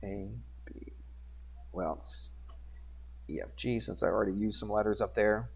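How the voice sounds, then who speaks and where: Male math teacher, easygoing classroom delivery, quizzes the class, mutters while clicking through software. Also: lowish voice, moderate pace, creaky, husky. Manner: conversational, asks students questions and answers himself; talks while working drawing software, mutters asides. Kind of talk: classroom geometry lesson.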